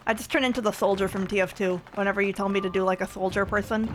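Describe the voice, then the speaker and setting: A woman's voice: mid-range voice, level tone, fast, faint music behind. A woman streaming casually, playful and giggly, trying out silly voices between chatting with viewers.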